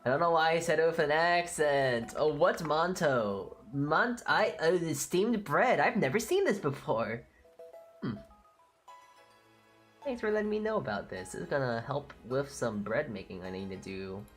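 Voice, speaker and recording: A woman's voice: sits low, lively intonation, measured pace, soft background music. A woman streamer chatting casually on a live stream, blunt and opinionated, with casual swearing.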